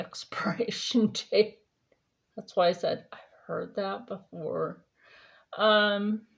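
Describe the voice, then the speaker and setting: Woman chatting thru her skincare routine, slow and kinda gravelly, rambles a lot. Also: lowish voice. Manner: slow, rambling storytelling with many fillers. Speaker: vlogger. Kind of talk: casual chat during skincare routine.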